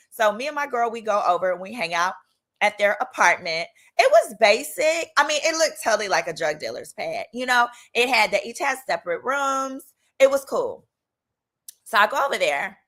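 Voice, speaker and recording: Southern woman host, bright animated storyteller, casual stream chat, slight cough. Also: medium pitch, moderate pace. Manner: chatty, animated, drops into quoted voices. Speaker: attorney and channel host.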